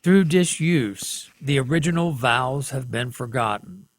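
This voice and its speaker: A man teaching a class at a whiteboard, slow and deliberate, often checking in with the students. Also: medium pitch, animated.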